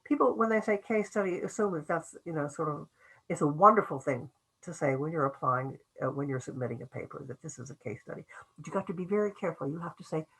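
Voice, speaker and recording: A woman's voice: low-pitched, animated, fast, a bit bright, breathy edge, poor audio. An older woman giving a webinar lecture on academic writing, talking in a loose conversational way with restarts and acted-out quotes.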